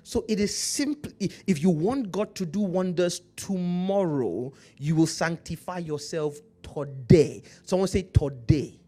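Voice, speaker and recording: A pastor with an African accent preaches a sermon in a high, mellow voice, slowing down to read scripture aloud and calling out to his congregation.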